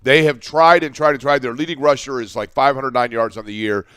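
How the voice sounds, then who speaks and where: A man's voice: mid-range voice, steady tone, fairly quick, fairly bright tone, clear, resonant tone, no echo, studio quality. A man co-hosting a sports talk show, making his points emphatically and repeating them for effect. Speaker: sports radio co-host.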